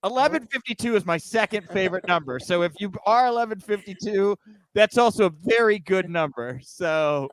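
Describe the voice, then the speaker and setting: A man's voice: sits high, expressive, brisk. A man hosting a wrestling news podcast, chatting casually and giggling at his own rambling jokes. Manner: giggly, rambling, self-mocking. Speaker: podcast host.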